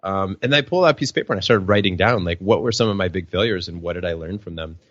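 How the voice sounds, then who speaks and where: A man appears as a podcast guest and professional speaker, telling personal stories in an interview answer. He's animated, talks very fast in a low voice, and acts out quotes by raising his voice. The recording is muffled with no echo.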